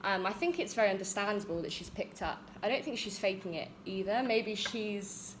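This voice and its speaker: A young Englishwoman with a standard southern accent, talking as a guest teacher in a live-stream interview. She chats easily and fills her pauses with frequent "um"s. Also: mid-range voice, animated, slight background noise, rough recording. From England. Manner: chatty, with many "um" pauses.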